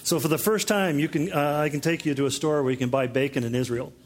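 High-voiced man preaching a sermon. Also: steady tone, fast talker. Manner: conversational teaching with joking asides. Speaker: pastor.

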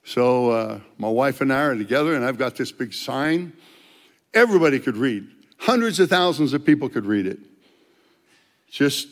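An older man, a street evangelist, telling testimony stories in an animated way and loudly acting out the dialogue. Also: medium pitch, moderate pace, long reverb tail. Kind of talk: storytelling testimony.

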